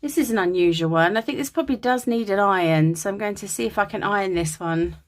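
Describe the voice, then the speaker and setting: A woman's voice: mid-range voice, fast talker. Chatty gushing woman showing linens. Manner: gushing and chatty, with many ums. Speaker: crafter showing vintage linens. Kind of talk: casual show-and-tell vlog. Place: dim room at home in the country.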